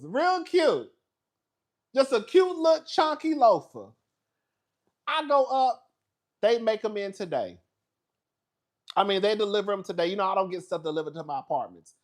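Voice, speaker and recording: A man hosting a casual, profane gossip recap of a reality show, telling stories with sass and frequent laughter. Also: high-pitched. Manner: sassy, animated storytelling with profanity and dramatic asides; laughs often.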